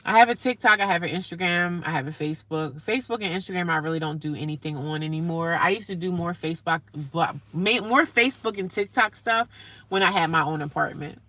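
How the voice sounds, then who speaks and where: A middle-aged woman talks casually to her live-stream viewers, answering their comments as she goes. Her voice sits low, with a gravelly edge and a bright, forward tone. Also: fairly quick, no echo.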